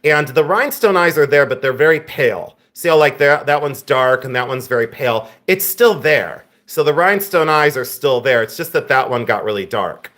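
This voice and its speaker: A man's voice: mid-range voice, animated, normal speed, few pauses, fairly bright tone. A man from Ohio hosting a live-stream auction sale, calling prices and bantering and teasing viewers.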